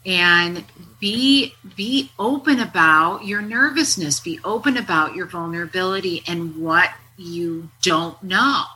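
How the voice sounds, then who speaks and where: Woman therapist host: bright, lively storyteller, casual swearing. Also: lowish voice, takes it slowly, few pauses, slight background noise, poor audio. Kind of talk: casual podcast chat.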